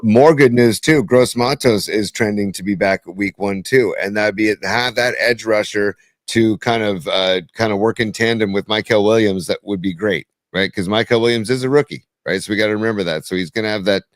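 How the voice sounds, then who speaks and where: On a dry recording, a lowish male voice belongs to a sports podcast co-host from the San Francisco Bay Area. The show is casual, and he sounds tired and exasperated, often starting sentences over.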